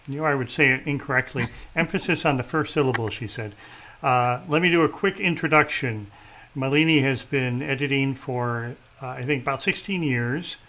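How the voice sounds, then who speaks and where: A man's voice: medium pitch, sharp tone, a little hiss or hum, poor audio. A man hosting a casual interview, chatty and self-deprecating, with many fillers and restarts. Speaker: host. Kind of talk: casual video-call interview.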